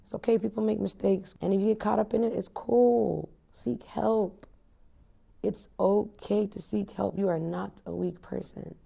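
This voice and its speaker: An American woman in her thirties, appearing as a guest in a candid conversational interview, speaks bluntly and with passion, swearing freely. Her medium-pitched voice is gravelly, dark, and breathy at the edges, with fairly even intonation and a moderate pace.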